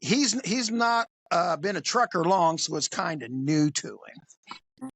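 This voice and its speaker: A podcast co-host spins a comic anecdote in a loose, rambling way, acting out what people said. The voice has a gravelly fry. The sound is dry and close. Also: medium pitch, measured pace, a bit bright, no echo. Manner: rambling, jokey, acts out quotes. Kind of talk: casual comedic storytelling.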